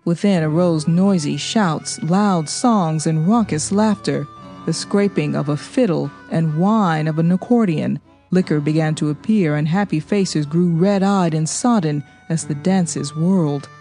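A woman narrating a novel as an audiobook, reading in a steady, measured way. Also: deep voice, faint music behind. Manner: steady, even, measured storytelling. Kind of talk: scripted narration.

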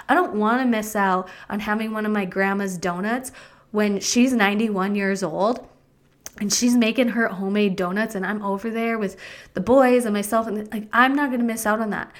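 A middle-aged woman hosting a solo podcast, ranting casually and emphatically, with lots of "like" and "right?". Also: medium pitch. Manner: chatty, emphatic, frequent "like" and "right?". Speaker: podcast host and fitness coach.

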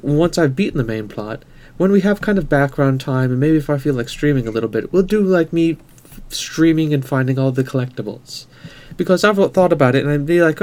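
A man co-hosting a gaming podcast, chatting in a relaxed, self-deprecating way. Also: medium pitch. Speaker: podcast co-host. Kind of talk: casual chat.

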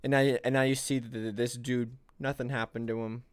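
A man's voice: medium pitch, flat delivery, fairly quick, no echo, clean studio sound. Rambling sarcastic podcast man. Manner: rambling, sarcastic, many restarts and fillers. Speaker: podcast co-host. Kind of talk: casual political podcast chat.

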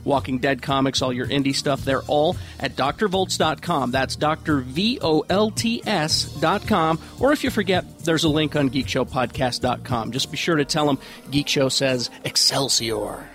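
A man's voice: a little high, moderate pace, hardly any pauses, a bit bright, soft background music. A man hosting a casual podcast, joking and steering the talk between segments. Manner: jokey, drives the segments. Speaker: podcast host. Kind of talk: casual podcast chat and ad read.

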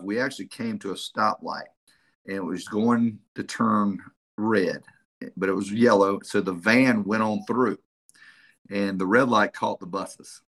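A middle-aged man with a drawl speaks as a guest on a podcast, his low voice rough and gravelly. His tone has a bright, forceful edge, and he tells his story in an animated way, swearing casually as he goes. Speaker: head football coach, guest.

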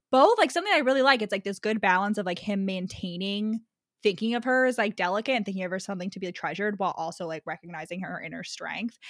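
A young woman co-hosting a podcast, chatting in an animated, gushing way and saying "like" often. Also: mid-range voice, no room sound, clean studio sound. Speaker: podcast co-host discussing romance novels. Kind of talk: casual chat.

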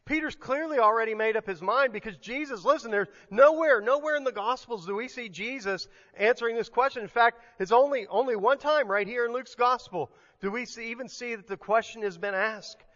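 Male pastor, sermon, conversational and emphatic, sharp tone, dull lo-fi sound. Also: very high-pitched, a little fast, few pauses, long reverb tail. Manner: conversational, emphatic, frequent restarts.

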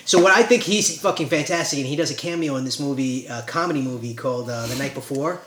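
A man's voice: mid-range voice, fast talker, fairly bright tone. A man in casual chat, enthusiastic, swearing often and finishing other people's sentences. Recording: roomy echo.

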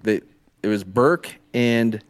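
A man's voice: mid-range voice, takes it slowly. A man co-hosting a casual group chat, rambling and often hunting for words. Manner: rambling, gets stuck searching for words.

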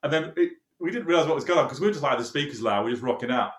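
Rapid-fire and medium-pitched, this producer spins a casual tale about a recording session, performing the dialogue as he tells it and laughing frequently. The sound is roomy and echoey.

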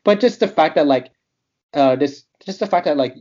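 A man from Texas, a podcast guest, talking in casual chat with an animated, ranting delivery in quick bursts. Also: fairly high pitch, highs cut off. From Texas, United States.

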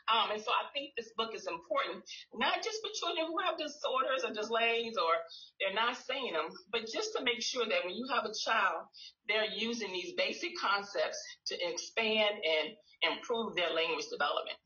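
A woman's voice: medium pitch, pushed and bright. A woman speech pathologist giving a presentation to parents, explaining play techniques and acting out sing-song phrases for a child. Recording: echoey, slightly dull room audio.

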